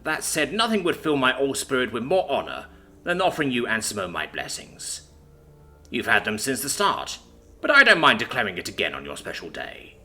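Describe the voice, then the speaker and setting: A man's voice: mid-range voice, sing-song, normal speed, faint music behind, voice pushed up. A man voicing an old alien captain who speaks to a young woman like a proud father, formal and heartfelt. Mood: fatherly. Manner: warm, formal, heartfelt speech. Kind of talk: audiobook character voice.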